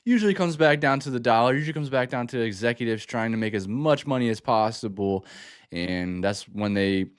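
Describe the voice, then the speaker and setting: A man's voice: mid-range voice, a little fast, smooth, no room sound. Man musing aloud, dry close sound. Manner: thinking aloud, hesitant, lots of fillers and restarts. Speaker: music reaction channel host. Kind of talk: casual first-listen album reaction.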